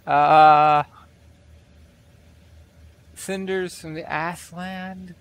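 A man's voice: a little high, steady tone, extremely slow, slight background noise. A man giving casual, profane, incredulous let's play commentary over his game. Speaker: gaming video creator.

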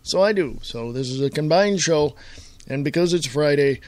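A man hosting his own talk radio show, chatting in a rambling, casual way and clearing his throat often. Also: on the high side, lively intonation, moderate pace, a little mellow, dry recording.

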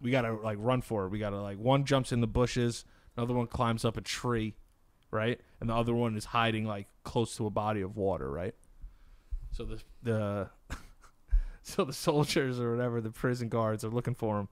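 A man's voice: mid-range voice, fairly even intonation, normal speed, smooth, no echo. A man hosting a podcast in casual chat, telling jokes and laughing along as he rambles. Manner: laughs through his own jokes, rambling storyteller. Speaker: podcast host.

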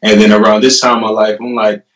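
Speaking quickly in a fairly low voice, a young man in his twenties tells a story as a guest, laughing and animated, often acting out his own lines and other people's with lots of "I'm like." He sounds roomy and a bit distant from the mic.

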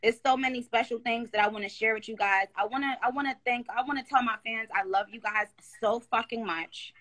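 A woman with a bright, ringing voice sits a touch above the usual pitch as she chats on a phone live stream. She talks in an emphatic, slangy way and rambles loosely, circling back with restarts. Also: brisk. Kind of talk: casual live-stream chat.

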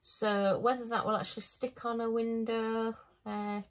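A woman, chatting casually as she unboxes a craft kit. She thinks aloud and breaks into bright little exclamations. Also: fairly high pitch, little pitch movement, unhurried. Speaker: craft vlogger.

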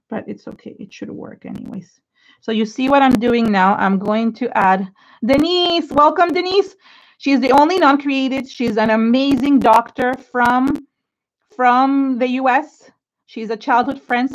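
A woman's voice: medium pitch, gravelly. A woman hosting a live craft tutorial, chatting effusively and thanking viewers by name as she paints. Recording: slightly dull home live-stream audio.

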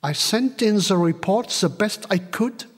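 Guy voicing a young spy, calm and beaten, slow and a bit husky, long reverb. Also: sits high, voice pushed up, heavily acted. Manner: calm and subdued. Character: young male spy, quiet and resigned.

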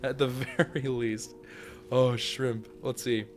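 A man giving casual, goofy commentary on his own gameplay as a channel host, often breaking into sudden high yelps and shouts. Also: little pitch movement, takes it slowly, soft background music.

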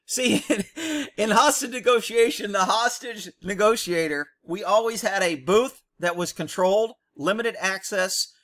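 A man's voice: high voice, unhurried, hardly any pauses, fairly bright tone. A man, a former police officer, giving blunt, profane commentary on a video and telling his own cop stories.

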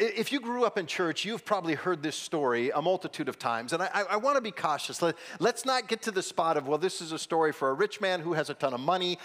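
A man preaching a sermon as pastor, earnest and conversational, often repeating words and prompting the congregation to respond. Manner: soft, low prayer voice.

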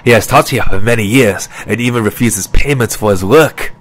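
A man's voice: medium pitch, moderate pace, a bit bright, lightly acted. Audiobook: fussy gossipy professor type, precise and sly, voiced by a male reader. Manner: confiding, precise and slightly sarcastic. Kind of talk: audiobook character reading.

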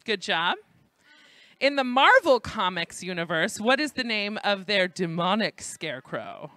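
A host with a New York accent runs a live trivia game show at an indoor student event in a library, tossing jokey, playful asides to the audience. His mid-range voice is very animated and sharp at a measured pace, and the recording is dry.

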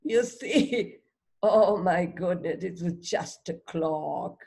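A woman teaching a child to read, sounding out letters one by one and gently encouraging with prompts and questions. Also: lowish voice, slow pace, vocal fry. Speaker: reading teacher. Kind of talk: phonics read-along lesson for a child.

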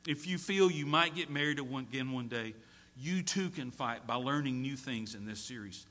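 Bright-voiced man preaching with passion. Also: medium pitch, expressive, moderate pace. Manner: impassioned pleading, swings from hushed storytelling to shouting. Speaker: pastor. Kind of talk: sermon. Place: church sanctuary.

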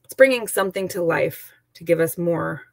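A woman's voice: lowish voice, moderate pace, vocal fry, dry recording. A woman teacher giving an online lesson, chatty and explaining with examples and asides.

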